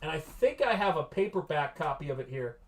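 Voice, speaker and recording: A man hosting a live stream, chatting casually in a rambling, animated way and often cutting himself off. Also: on the high side, brisk. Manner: rambling, animated, self-interrupting. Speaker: livestream host and artist.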